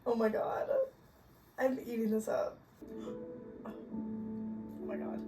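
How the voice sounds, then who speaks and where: Reading in her bedroom, a young woman vlogs about books in a slow, level voice that sits a little high. She giggles and overreacts playfully, and the distant mic catches music playing beneath her.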